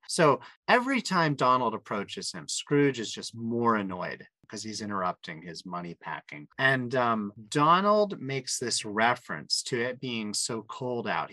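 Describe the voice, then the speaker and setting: A man talks with lively enthusiasm as he retells a comic story and turns to his co-hosts for their views. His voice sits at an ordinary middle pitch. The sound is close and dry, with no room echo. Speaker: podcast host. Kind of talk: casual chat.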